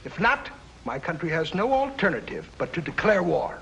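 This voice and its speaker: An actor playing a scheming, accusatory foreign diplomat in a 1950s TV drama. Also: male voice, fairly high pitch, very animated, moderate pace, gravelly, a bit bright, full character voice, poor audio. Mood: accusing. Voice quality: mocking, accusatory. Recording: old TV soundtrack with faint hiss.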